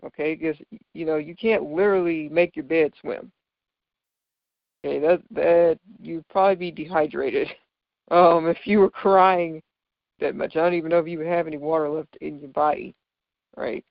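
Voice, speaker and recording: Here a slightly high-voiced man, creaky and fairly even in intonation, moves at normal speed through lessons on biblical figures of speech, patiently checking in with "right?" along the way. No echo is present, and the recording is dull, lo-fi and dry.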